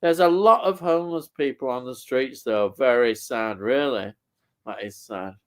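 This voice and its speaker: A man's voice: mid-range voice, moderate pace, clean tone. A man co-hosting a casual live stream, chatting about classic TV and reading out viewer comments with frequent laughs.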